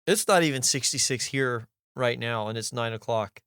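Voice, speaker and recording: A man co-hosting a podcast in casual chat, animated and swearing freely as he presses with questions. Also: medium pitch, moderate pace, clean tone, no echo, clean studio sound. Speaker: podcast co-host.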